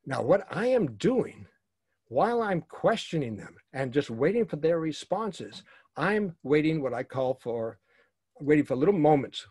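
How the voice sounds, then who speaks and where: A man's voice: medium pitch, slightly rough, dry recording, clean studio sound. A man teaching a workshop to actors and directors, speaking emphatically and repeating his key phrases.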